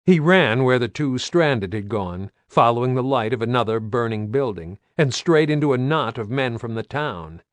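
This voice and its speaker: A man's voice: mid-range voice, expressive, normal speed, few pauses, no echo. A man reading an audiobook aloud with tense, dramatic narration. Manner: tense, dramatic, varied delivery.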